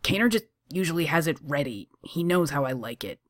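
A demanding young man mutters in a pissy, grudging tone, dropping his voice low, voiced by a storybook reader. The recording is dry and close. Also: expressive, fairly quick, dry recording, natural voice. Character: needy, grumpy young man, demanding customer.

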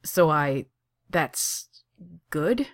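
A sarcastic, swearing young man blurts out his feelings in loud, breathless bursts, put on by a woman reading the story. The voice sits low for a woman, and the character pushes it a little higher and harder whenever he gets worked up. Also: animated, extremely slow, full character voice.

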